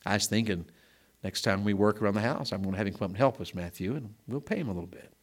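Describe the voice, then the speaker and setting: A middle-aged preacher delivers a homespun sermon. His voice sits a little low, and he talks plainly and conversationally, then punches certain lines with loud emphasis. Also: fast talker.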